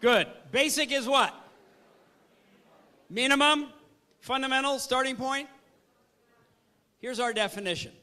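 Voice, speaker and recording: A man giving an energetic, interactive training talk on service, often putting questions to his audience. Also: high-pitched, unhurried, long pauses, clear, resonant tone.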